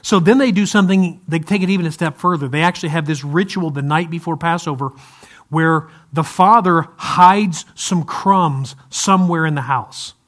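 A male pastor preaching a sermon in a relaxed, conversational way, with light humor and frequent restarts. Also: on the high side, moderate pace. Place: church service, also streamed to viewers at home.

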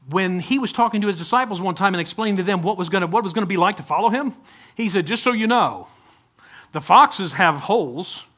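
A man's voice: sits high, fairly bright tone. A male pastor preaching a conversational sermon, often asking the congregation direct questions.

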